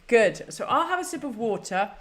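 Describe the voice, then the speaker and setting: A woman's voice: a little high, sing-song, normal speed, fairly bright tone. A woman hosting a live stream, chatty, flustered and self-deprecating. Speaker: host. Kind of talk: casual live-stream chat.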